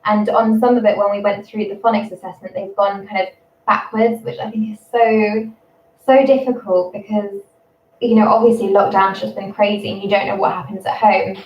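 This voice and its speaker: A young English woman in her twenties, a primary school teacher chatting casually on a livestream, rambling and quick to laugh. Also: medium pitch, fairly even intonation, a little hiss or hum. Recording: roomy, distant, dull sound.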